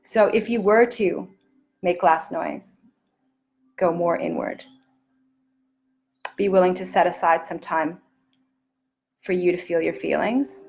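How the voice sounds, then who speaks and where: Earnest, soft-spoken woman coach. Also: on the low side, steady tone, slow, gravelly, pauses often, low-quality recording. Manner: earnest, intimate and encouraging, often drops to a soft near-whisper. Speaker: self-love coach. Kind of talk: live-streamed motivational talk.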